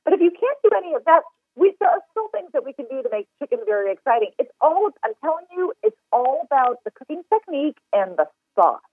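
An enthusiastic woman chef explains cooking tips in long run-on stretches. Her slightly high voice comes through a thin, tinny phone line with no room sound at all. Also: big pitch swings, quick pace, no room sound. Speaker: chef and recipe developer. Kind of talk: casual podcast interview.

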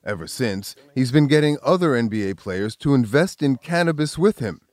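A man's voice: medium pitch, no room sound. Male news narrator with a dry voice-over. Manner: measured, even reporter delivery. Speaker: news correspondent and host.

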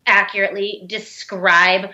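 A wry, playful woman co-hosting a radio panel. Her voice is bright and sharp, and the recording sounds a bit dull and lo-fi. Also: medium pitch, little pitch movement, measured pace. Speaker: co-host. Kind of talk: casual panel chat.

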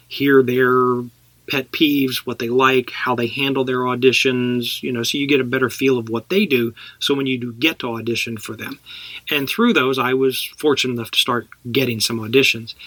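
A man's voice: mid-range voice, sharp tone, no echo. A middle-aged man from Texas, an actor guest telling anecdotes in a casual podcast chat, laughing as he talks.

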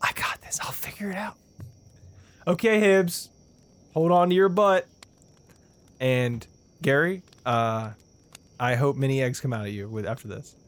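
Slow rambling giggly storyteller. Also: medium pitch. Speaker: storyteller in a group game. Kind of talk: casual joking chat.

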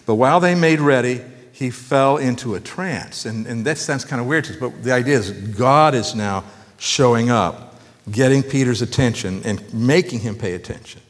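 Folksy pastor in a reverberant church. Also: male voice, medium pitch, normal speed. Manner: folksy, joking asides to the congregation. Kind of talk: conversational sermon.

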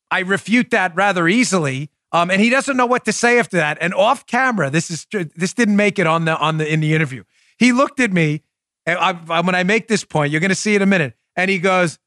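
A man with a fairly high voice delivers a forceful, combative monologue as a show host. He drags out key phrases for emphasis. The sound is dry and close on a studio mic. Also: no echo. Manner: emphatic, combative, drawn-out punchlines. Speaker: podcast host. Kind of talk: opinionated monologue.

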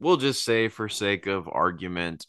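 Male podcast host, very low voice, smooth, dry close mic, relaxed rambling delivery. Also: unhurried, dry recording. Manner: laid-back, rambling, laughs often. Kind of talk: casual sports podcast chat.

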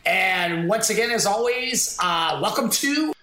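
Male podcast host, high bright voice, halting upbeat chat, echoey room. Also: animated. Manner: halting, lots of restarts, upbeat.

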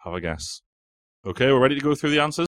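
A man's voice: medium pitch, expressive, fast talker, no room sound. A man hosting a casual football quiz on a podcast, reading out quotes and teasing the players with swearing and banter. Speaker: quizmaster. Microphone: studio mic.

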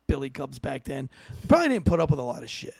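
A man's voice: medium pitch, very animated, fast talker, vocal fry, husky, no echo. A man who was once a police officer, hosting a podcast in casual, profane, joking chat and reading ads. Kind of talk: casual chat and host-read ad.

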